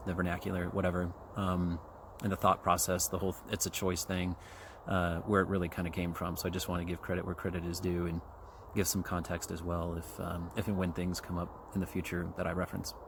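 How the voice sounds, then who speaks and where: Man in his forties, very deep voice, chewing gum, casual solo podcast talk, outdoors on a trail. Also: completely flat delivery, fairly quick, few pauses. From Kansas City, USA. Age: 40s. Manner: rambling, profane, with many fillers and asides. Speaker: podcast host. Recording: faint outdoor background noise.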